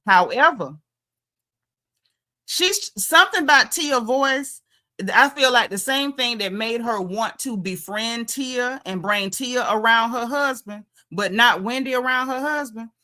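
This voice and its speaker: A Southern American woman hosting a loose livestream recap, her voice bright and punchy. She talks in a sassy, emphatic, down-home manner, leaning hard into her points and repeating them for effect. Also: on the high side. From Southern United States. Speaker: show recap host. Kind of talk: casual livestream commentary.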